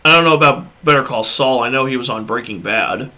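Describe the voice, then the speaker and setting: A man's voice: mid-range voice, fairly quick, sharp tone. A man hosting a casual movie discussion, ranting bluntly and profanely into a USB podcast microphone. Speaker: podcast host.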